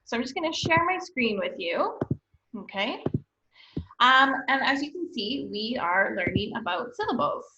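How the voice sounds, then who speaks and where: Against a noisy background, a woman teacher with a fairly high, sing-song voice at a moderate pace leads a recorded online lesson for young children. She encourages them patiently and frequently asks "okay?", with echoey, slightly dull lo-fi audio.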